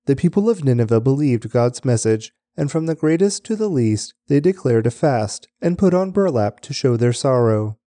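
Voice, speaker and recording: Male scripture reader, very dark and mellow tone, measured delivery, dry close mic. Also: medium pitch, lively intonation, no echo. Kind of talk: steady scripture reading.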